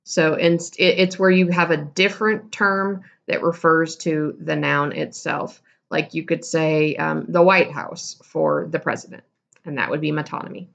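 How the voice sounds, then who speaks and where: Gravelly-voiced woman teacher, lo-fi. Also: low-pitched, steady tone, a little slow, a bit bright. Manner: casual, explanatory, self-correcting. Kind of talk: recorded classroom lesson.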